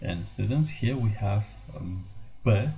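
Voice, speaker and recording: A man teaching a language lesson, explaining rules in a slow, halting way with many fillers. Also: fairly low pitch, animated, warm tone.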